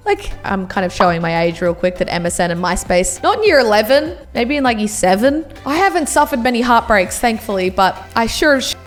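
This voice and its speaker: A woman's voice: high voice, animated, fairly quick, faint music behind. A young woman in her twenties vlogging about everyday annoyances, with mock-dramatic delivery and exaggerated groans. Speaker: YouTuber. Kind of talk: comedic reaction vlog.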